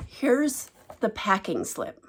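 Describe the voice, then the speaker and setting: A woman vlogging casually about cross-stitch gifts, gushing and emotional, often dropping to a hushed, delighted voice. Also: medium pitch, big pitch swings, takes it slowly, slight background noise. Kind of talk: casual show-and-tell vlog.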